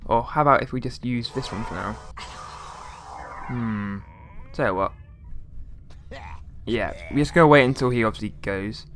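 A man's voice: mid-range voice, normal speed, long pauses, fairly bright tone, slight background noise. A man giving casual gameplay commentary, rambling along with jokey, mock-outraged asides and mild swearing. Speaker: let's play gamer.

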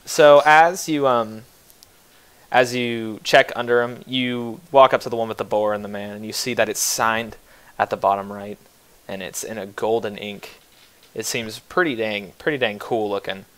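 A man's voice: fairly low pitch, steady tone, moderate pace, fairly bright tone. A man runs a tabletop game as game master, narrating scenes in a loose, casual way. He jokes and restarts his phrases often. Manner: casual, joking, with many restarts.

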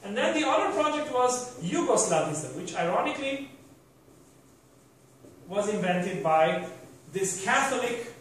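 A man's voice: high-pitched, very animated, a little slow, a bit bright, slight background noise. A man giving a university lecture, rambling with restarts and rhetorical questions to the class. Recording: echoey room from a distant mic.

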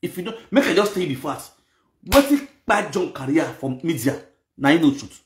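A man's voice: a little high, sing-song, a little fast. A man speaking in a Nigerian Pidgin accent, giving mocking, scolding gossip commentary and repeating lines for emphasis. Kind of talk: ranting commentary. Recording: echoey room.

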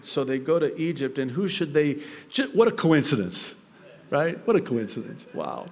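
A male pastor preaching a sermon, telling the story in a lively way and acting out the characters' quoted lines. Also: on the high side, measured pace. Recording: long reverb of a large hall.

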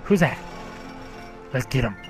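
A man giving gameplay commentary, profane, grumbling and yelling at the game. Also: medium pitch, big pitch swings, unhurried, soft background music. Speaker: let's play gamer.

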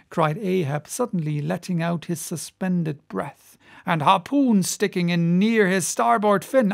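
Slow, gravelly male narrator. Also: fairly high pitch. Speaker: audiobook narrator. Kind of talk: scripted narration of a classic novel.

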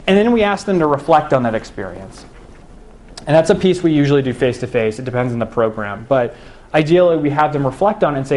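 A man's voice: a little high, expressive, fairly quick, darkish tone, slight background noise. A young man giving a public talk to a live audience about game-based learning, speaking conversationally and putting questions to the room. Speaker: education researcher giving a talk.

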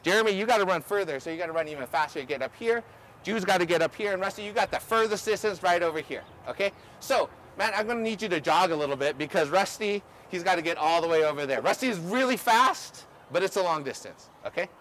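Casting: high-pitched male coach, energetic and instructive, faint background hiss. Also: quick pace. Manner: energetic, instructive, checks in with "okay?". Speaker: ultimate coach. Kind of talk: outdoor coaching clinic demonstration. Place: outdoor field.

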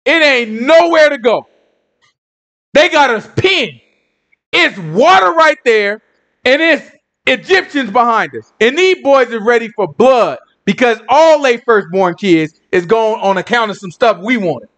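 Conversational male preacher, dramatic storyteller, very high, animated voice. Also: unhurried. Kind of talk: casual sermon storytelling.

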